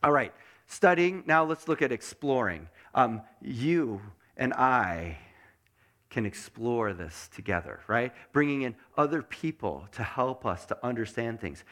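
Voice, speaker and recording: A man preaching a sermon as pastor, asking the congregation many questions and dropping to a soft mutter to show meditation. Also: medium pitch, a little slow. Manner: animated, asks the congregation lots of questions; drops to a soft mutter when showing meditation.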